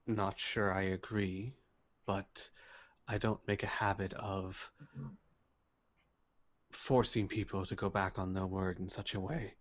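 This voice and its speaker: A man narrating a tabletop role-playing game as game master, speaking in a slow, measured way and voicing characters. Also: lowish voice. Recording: muffled lo-fi voice chat.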